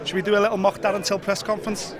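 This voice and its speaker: A man hosting a casual walk-and-talk vlog, chatty, excitable and free with swearing. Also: sits high, very fast, crowd noise. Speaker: host.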